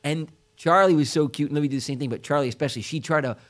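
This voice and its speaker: A man's voice: on the high side, racing. A man in his forties co-hosting a podcast, telling family stories animatedly and acting out voices. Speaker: podcast co-host. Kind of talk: casual chat.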